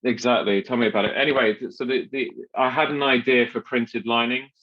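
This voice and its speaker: A man's voice: mid-range voice, fairly even intonation, brisk, lo-fi sound. Chatty man hosting a podcast. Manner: chatty, rambling with many restarts and fillers. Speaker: podcast host. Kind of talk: casual podcast chat.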